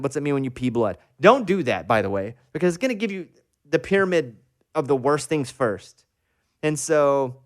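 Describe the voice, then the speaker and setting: A man hosting a morning radio show, telling a long personal story in an animated, self-mocking way. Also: mid-range voice. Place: radio studio.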